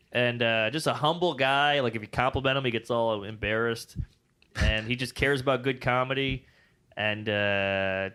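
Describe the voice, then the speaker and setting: A male comedian telling stories in a casual interview, acting out quotes and swearing freely. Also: medium pitch. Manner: animated storyteller, acts out quotes, swears freely. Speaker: comedian guest.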